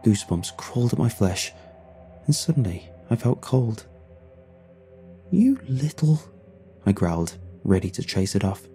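A man narrating a first-person horror story in a hushed, tense and grief-laden way. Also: lowish voice, moderate pace. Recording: soft music underneath.

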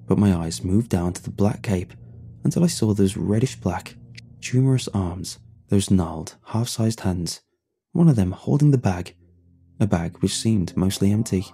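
A man narrating a first-person horror story in a hushed, tense and grief-laden way. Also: lowish voice, breathy edge. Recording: soft music underneath.

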